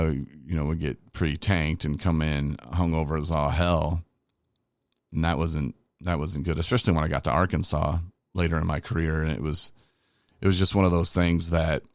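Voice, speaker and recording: A middle-aged man with a very deep voice talks through his past in a loose, candid podcast ramble. He is self-deprecating and wanders off track. The sound is dry and close, with no room around it. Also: no echo. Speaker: recovery podcast host. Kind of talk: casual personal storytelling.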